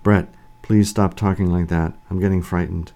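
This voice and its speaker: A man's voice: low-pitched, fairly even intonation, normal speed, warm tone. A man voicing a frightened young woman who pleads emotionally with her lost love.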